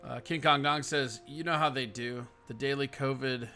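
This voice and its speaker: A man's voice: medium pitch, fairly even intonation, normal speed, pushed and bright, soft background music. A man hosting a casual livestream, reading chat comments aloud and answering them bluntly, with lots of swearing, sighs and yawns. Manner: frequent yawning and sighing.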